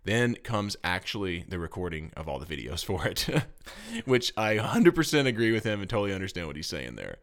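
A man with a Southern US accent co-hosting a board game podcast in casual, lively, self-deprecating chat. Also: deep voice, a little fast. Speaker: podcast co-host.

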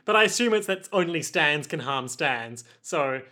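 A man's voice: on the high side, lively intonation, normal speed, bright, forceful tone. A man co-hosting a podcast, narrating a story recap in casual, joking chat and laughing often. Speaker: podcast co-host.

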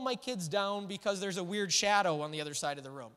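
High-voiced, bright male preacher in a hall. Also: quick pace, few pauses. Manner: conversational, animated, full of "like" and "all right". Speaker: pastor. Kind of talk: sermon. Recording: echoey hall.

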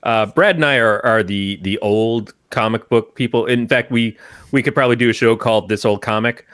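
A man's voice: medium pitch, normal speed, no room sound, studio quality. A man co-hosting a casual podcast roundtable, joking and steering the conversation. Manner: joking, lively, steers the talk. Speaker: podcast co-host.

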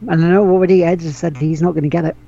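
A man's voice: on the high side, steady tone, very fast, creaky, dark tone, slight background noise. A man hosting a casual gaming podcast, rambling with restarts, laughing and swearing casually. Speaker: podcast host. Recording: dull lo-fi audio.

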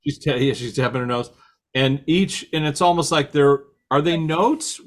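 A man's voice: a little high, normal speed. A man hosting a casual interview, asking long questions and restating his guest's ideas. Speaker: host.

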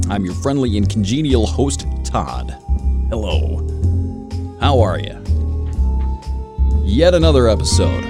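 Male podcast host, low voice with lots of swing, loose and joking, solo monologue. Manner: loose, rambling and wry, chuckling at his own jokes.

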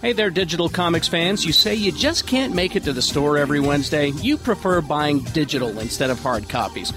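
A man's voice: on the high side, expressive, a little fast, music in the background. A man hosting a casual podcast, joking and steering the talk between segments. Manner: jokey, drives the segments. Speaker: podcast host. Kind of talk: casual podcast chat and ad read.

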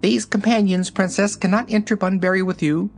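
A man voicing a pompous male white rabbit gatekeeper in a storybook, sharp and officious. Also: high-pitched, fairly even intonation, fairly quick, vocal fry, soft background music, pitched above the performer's own voice.

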